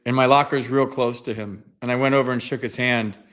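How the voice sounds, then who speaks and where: A man in his fifties hosting a casual sports podcast, an animated storyteller who acts out the people he quotes. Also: mid-range voice, fairly quick. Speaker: podcast host, former player.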